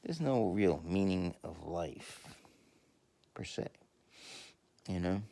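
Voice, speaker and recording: A man in a rambling, profane monologue who laughs often and swings from mumbling to shouting. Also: sits low, animated, slow pace, creaky. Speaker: video host.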